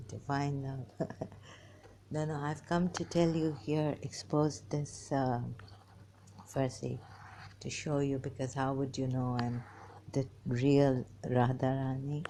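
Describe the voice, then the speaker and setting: A woman talking to her viewers in a rambling personal monologue, halting and giggly, often restarting and trailing off. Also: a bass voice, dark tone, slight background noise. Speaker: vlogger.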